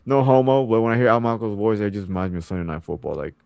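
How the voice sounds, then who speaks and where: Young male co-host, low voice, dry close sound, loose filler-heavy sports banter. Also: animated, very fast, vocal fry, darkish tone, clear, resonant tone, no echo. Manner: loose and rambling, filler-heavy, mimics announcers. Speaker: podcast co-host. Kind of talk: casual sports chat.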